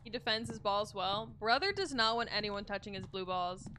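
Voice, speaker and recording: A woman streaming a horror game live, excitable and swearing, yelping when scared. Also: mid-range voice, normal speed, slight background noise. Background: game music.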